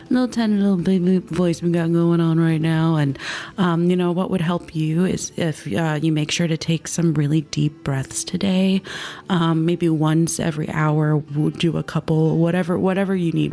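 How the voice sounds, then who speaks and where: Woman host for the outro: low, loose, filler-heavy. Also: vocal fry. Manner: rambling, warm-hearted, with fillers. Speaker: podcast host. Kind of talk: podcast outro.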